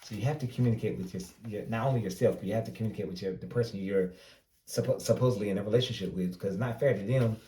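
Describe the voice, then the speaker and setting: Southern guy doing a chill tarot reading, lowish voice, kinda echoey room w faint noise. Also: rapid-fire. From North Carolina, US. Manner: relaxed, rambling, advice-giving with self-corrections. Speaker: tarot reader. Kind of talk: casual tarot reading to camera.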